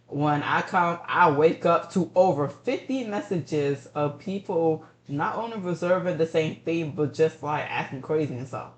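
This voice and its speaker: Ranting man streamer, roomy echo. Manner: ranting, repeats himself, animated pitch jumps. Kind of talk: casual stream chat.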